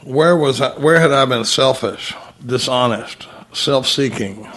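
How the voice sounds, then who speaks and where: A man's voice: mid-range voice, a little slow, a bit bright. A middle-aged man speaking at a recovery meeting, telling stories with quoted dialogue and laughing often.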